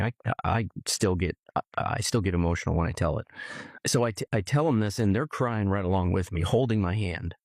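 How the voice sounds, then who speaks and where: A middle-aged man from California telling a personal story earnestly, haltingly, often repeating words as he remembers. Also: sits low, a little mellow, no room sound. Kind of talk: personal testimony.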